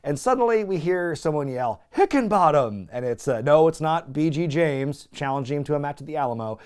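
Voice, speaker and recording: Man, comedic recap host, sarcastic, swears a lot, fairly high voice, very animated pitch. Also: a little fast, smooth. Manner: laughs often, gets excited.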